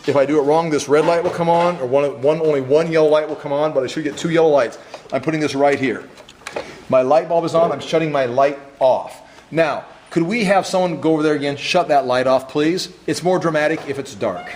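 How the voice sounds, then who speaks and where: Male teacher, fairly high voice, step-by-step classroom demo, echoey room with faint noise. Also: brisk, a little mellow. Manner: step-by-step, checks that students follow. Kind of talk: hands-on classroom demonstration. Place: classroom workshop.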